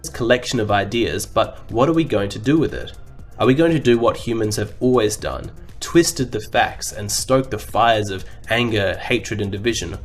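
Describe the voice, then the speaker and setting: A man in a clip played from another video, speaking in a measured, earnest monologue. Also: on the low side, faint music behind. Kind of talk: calm reflective monologue.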